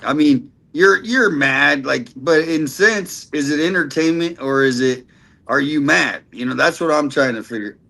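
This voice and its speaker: A man's voice: a little high, a little slow, vocal fry, bright, forceful tone. A man chatting as a guest on a casual stream, hesitant and full of fillers as he works through his thoughts. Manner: hesitant, many fillers, thinks aloud. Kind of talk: casual conversation.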